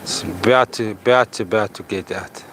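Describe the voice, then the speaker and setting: A South African man vlogging outdoors at an estuary, speaking earnestly and with feeling, slowing down to stress his points. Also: lowish voice, noisy background. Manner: earnest, impassioned, slow when stressing points. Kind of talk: outdoor vlog commentary.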